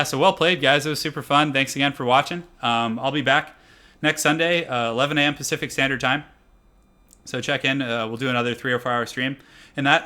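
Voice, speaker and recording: Bright-voiced chatty male game streamer. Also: medium pitch. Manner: excitable, chatty, slangy. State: tired, a little out of breath. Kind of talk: casual live-stream commentary.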